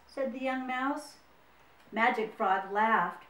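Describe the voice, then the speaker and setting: A woman's voice: on the high side, expressive, unhurried, distant mic. A woman storyteller reading a picture book aloud, with friendly asides to young listeners. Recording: roomy, mic set away.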